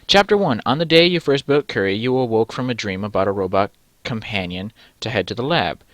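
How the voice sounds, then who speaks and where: Low-voiced young man reading a text game aloud. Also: fairly quick, dry recording. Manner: rambling, self-interrupting, swears casually. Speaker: let's-play host.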